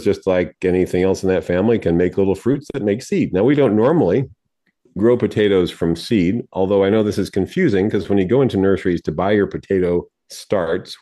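A man's voice: low voice, warm tone. A man co-hosting a radio garden show, giving friendly, explanatory advice and chuckling often.

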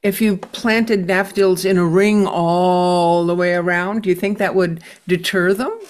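A woman's voice: fairly low pitch, steady tone, unhurried. Woman co-hosting a radio garden show. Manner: light, conversational, reads letters aloud. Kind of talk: radio call-in host reading listener messages.

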